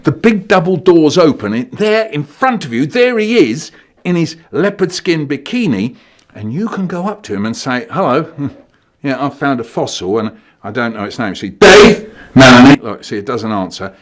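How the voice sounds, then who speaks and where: A man tells funny stories for kids in a bouncy, up-and-down voice, playful and animated, now and then bursting into loud, silly shouts. His pitch is mid-range and he speaks at a normal speed.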